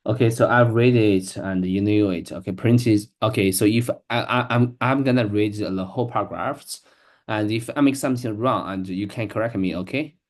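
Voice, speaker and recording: Man, slightly low pitch, hesitant learner reading aloud with frequent restarts. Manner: halting, hesitant, many restarts. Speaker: English learner. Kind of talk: reading practice with an AI assistant.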